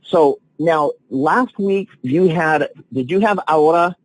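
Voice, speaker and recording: A man coaching salespeople on a training call, telling stories with excitement and lively swings in his voice. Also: fairly high pitch, slow, no room sound, rough recording. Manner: enthusiastic, animated storytelling with big swings.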